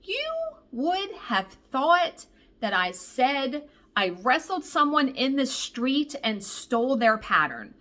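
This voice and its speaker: Female craft vlogger, lively storyteller, bright voice, fairly high, salty language. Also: takes it slowly. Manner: animated, profane, exasperated storyteller. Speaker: cross-stitch vlogger. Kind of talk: casual storytelling.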